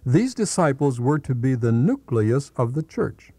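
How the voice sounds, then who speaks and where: A man reading a Bible commentary aloud in a measured, deliberate teaching manner. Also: mid-range voice, very animated, mellow, husky, no echo.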